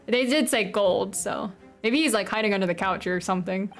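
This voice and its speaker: A woman's voice: medium pitch, fairly quick, faint music behind. A woman streamer in casual let's-play commentary, chatty and self-deprecating, laughing often.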